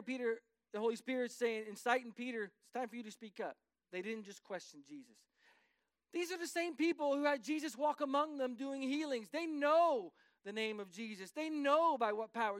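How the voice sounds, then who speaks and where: High-voiced, emphatic male preacher. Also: a little fast, a bit bright, smooth, dry recording. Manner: preaching with rising emphatic bursts and asides to the congregation. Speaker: pastor. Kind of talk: sermon.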